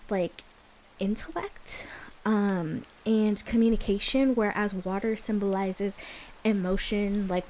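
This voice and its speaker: A woman's voice: mid-range voice, dark tone, a little hiss or hum, poor audio. Young woman chatting through a tarot reading. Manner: chatty, explaining as she goes. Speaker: tarot reader.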